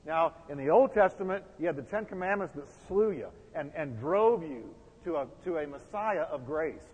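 A man's voice: fairly high pitch, expressive, moderate pace, a little mellow, husky, in a large hall, dull audio. A man preaching a sermon as pastor, building emphasis and putting questions to the congregation.

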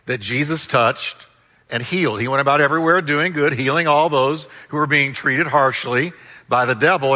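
A man's voice: a little high, pushed and bright, in a large hall. A man preaching a sermon as pastor, with emphatic delivery and call-and-response with his congregation.

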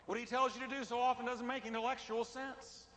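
A man's voice: very high-pitched, little pitch movement, fairly quick. A man preaching a sermon, emphatic and repetitive, building his lines for stress. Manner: emphatic, repeats lines for stress, rising to shouts. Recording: reverberant hall with faint ambience.

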